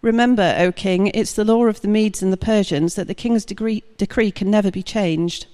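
A woman's voice: mid-range voice, fairly even intonation, normal speed, dark tone, big-room sound, lightly acted. A woman reading scripture aloud, voicing a group of scheming male court conspirators in a plain, lightly voiced way. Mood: flattering.

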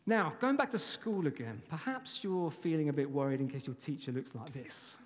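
Lively guy preaching to a church, bright high voice, long echo off the hall. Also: normal speed. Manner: lively, playful, talks straight to kids and adults. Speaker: pastor. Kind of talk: sermon.

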